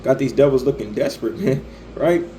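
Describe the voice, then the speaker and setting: A man's voice: medium pitch, fairly quick, warm tone, a little hiss or hum, poor audio. A man delivering a profane religious-political rant, stammering often and tagging his lines with "man" and "right". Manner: stammering, repeats "man" and "right", swears freely. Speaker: online commentator.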